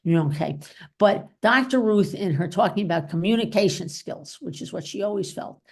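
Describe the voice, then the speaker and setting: A woman's voice: medium pitch, expressive, a little fast, a little mellow, slightly rough. A woman physician giving an informal talk and taking questions, chatty and full of "okay?" and "you know". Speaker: physician presenter.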